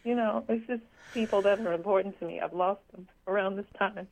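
A woman speaks in a casual chat with a mid-range voice, emotional and teary as she talks. Her words come plainly and gently. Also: mid-range voice, fairly quick, gravelly, a little hiss or hum, low-quality recording.

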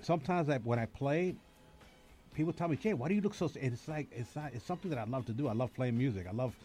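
A man's voice: medium pitch, fast, dark tone. A man hosting a casual chat, a DJ who talks in an encouraging way and often repeats his words. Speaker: host and DJ.

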